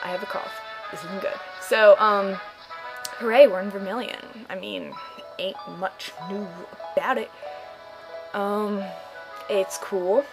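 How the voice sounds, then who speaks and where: A woman's voice: mid-range voice, lively intonation, slow, pauses often, over music, poor audio. A woman giving casual, sarcastic commentary over a game playthrough, playfully mocking the characters. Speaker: gaming channel host.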